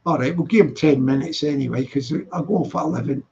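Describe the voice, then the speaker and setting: Bloke doing a late night stream, chatty and jokey, high raspy voice, kinda muffled audio. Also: male voice, fast talker, hardly any pauses, darkish tone, slight background noise. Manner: chatty, laughs often, teasing. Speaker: live stream host reading chat. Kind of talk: casual late-night chat.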